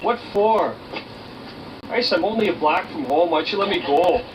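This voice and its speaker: An actor playing a belligerent, swearing suspect in an old police training video. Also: male voice, high voice, lively intonation, normal speed, muffled recording. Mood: defiant. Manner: hostile, swearing, defiant. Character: belligerent adult male suspect with a knife. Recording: distant, noisy old video sound.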